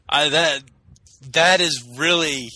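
A man's voice: a little high, bright, forceful tone, dry recording. A man chatting casually on a podcast, laid-back and a bit hesitant.

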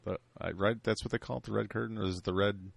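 A man's voice: fairly low pitch, fairly even intonation, fast talker, vocal fry, dry recording. Rambling male podcast co-host, dry close sound. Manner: rambling, self-deprecating, frequent restarts. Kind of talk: casual podcast banter.

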